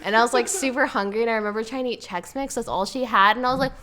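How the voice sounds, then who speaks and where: A young woman casually telling a funny personal story on a podcast, animated and quoting herself. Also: fairly high pitch, fast. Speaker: podcast guest, sister of co-host.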